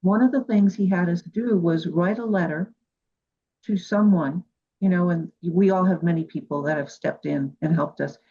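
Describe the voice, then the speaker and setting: A woman's voice: fairly low pitch, normal speed, breathy edge. A woman from Cuba hosting a radio interview, telling heartfelt stories in a casual, earnest way. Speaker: radio show host. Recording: dull lo-fi recording.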